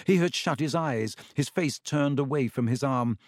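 A man reading a story aloud at a steady, measured pace, putting on voices for the dialogue. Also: mid-range voice, no room sound, clean studio sound. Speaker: narrator. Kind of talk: audiobook reading.

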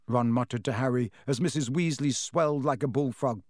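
A man narrating a children's fantasy story aloud in a steady, expressive reading voice. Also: mid-range voice, a little fast, no room sound, studio quality. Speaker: audiobook reader.

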